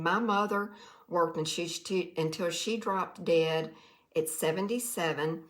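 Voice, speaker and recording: A woman, chatting on a livestream, tired and nervous, folksy, greeting viewers by name. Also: lowish voice. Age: 60s. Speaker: direct sales livestreamer. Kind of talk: casual livestream talk to viewers. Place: quiet room.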